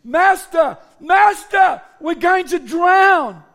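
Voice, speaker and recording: A man's voice: very high-pitched, expressive, drawn-out words, vocal fry, a bit bright, raised voice, pitched above the performer's own voice, full character voice. A man voicing frightened adult fishermen who are amazed at what they saw. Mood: panicked. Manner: awed, questioning.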